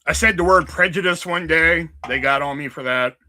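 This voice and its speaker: A young man hosting a livestream, telling casual stories in an animated, profane way and acting out quotes. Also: on the high side, normal speed. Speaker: livestream host. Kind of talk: casual storytelling chat.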